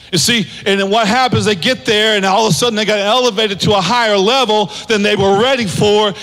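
Preaching a sermon in a big church, a pastor in his fifties is lively, with wide pitch swings that climb into shouts. A long hall reverb surrounds the recording.

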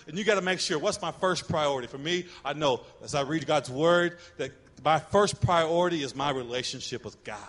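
Middle-aged male pastor, high voice, lively preaching delivery, long church-hall reverb. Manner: animated, acts out quoted voices. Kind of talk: sermon.

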